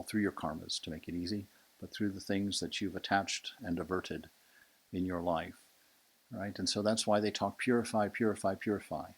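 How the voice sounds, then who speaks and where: A man in his sixties giving a conversational Sunday sermon as a swami, asking "right?" often and moving from hushed to emphatic. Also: low voice, breathy edge. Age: 60s. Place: monastery lecture hall.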